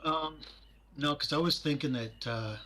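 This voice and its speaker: Thoughtful bright player man. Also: a little high, measured pace. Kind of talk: casual chat at a game table.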